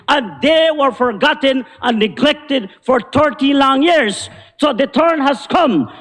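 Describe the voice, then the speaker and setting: A man with a Belizean accent, a member of parliament giving an indignant, combative debate speech. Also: extremely high pitch. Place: parliament chamber. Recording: long reverb of a large chamber.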